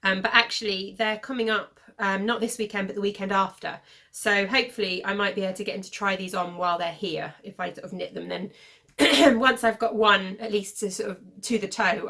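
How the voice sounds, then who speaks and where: A woman in her thirties from the UK hosting a knitting podcast, rambling casually with lots of fillers and self-corrections, a little hoarse as she is losing her voice. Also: medium pitch, fairly even intonation, brisk, pushed and bright. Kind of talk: casual show-and-tell chat.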